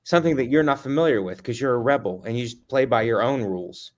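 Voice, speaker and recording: A man co-hosting a comedy podcast, teasing his partner in a deadpan way during casual chat. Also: mid-range voice, quick pace. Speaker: podcast co-host.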